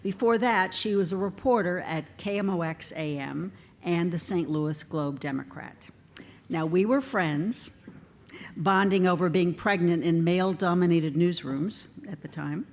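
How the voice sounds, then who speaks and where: A woman's voice: fairly low pitch, a little slow. A woman hosting an awards ceremony, reading introductions of inductees and adding chatty asides. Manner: warm, chatty asides between scripted lines. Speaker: ceremony emcee. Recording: long hall reverb, faint background noise.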